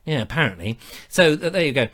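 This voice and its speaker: Jokey rambling British man, lively voice. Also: a little high, quick pace. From Britain. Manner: rambling, jokey, self-mocking. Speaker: livestream host. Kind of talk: casual live chat to viewers. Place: back room at home. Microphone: laptop or webcam mic.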